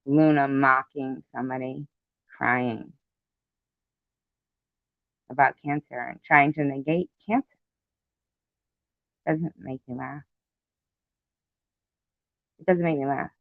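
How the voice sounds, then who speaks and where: A man's voice: medium pitch, steady tone, slow pace, gravelly, long pauses, no room sound. A man delivering an angry, profane commentary rant, indignant and repetitive, on a dull lo-fi recording. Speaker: commentary vlogger. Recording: dull lo-fi sound.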